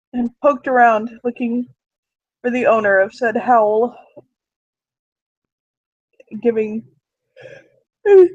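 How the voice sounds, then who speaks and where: A woman leads a tabletop role-play game as game master, pausing often and restarting her sentences. Her voice is dry and close, with a muffled, lo-fi sound from an online call. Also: medium pitch, no room sound. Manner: hesitant, many fillers and restarts.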